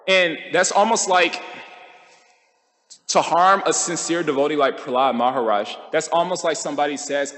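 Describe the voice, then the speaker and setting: A man's voice: fairly high pitch, a bit bright. Joking man teaching scripture in a reverberant hall. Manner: conversational, joking, quick mock impressions. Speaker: temple speaker. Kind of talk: scripture class.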